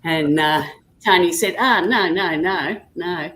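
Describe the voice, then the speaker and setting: Low-voiced Australian woman telling yarns. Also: slow pace, a bit bright, a little hiss or hum, poor audio. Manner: chatty anecdotal storyteller. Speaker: guest on a live chat stream. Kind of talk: casual chat.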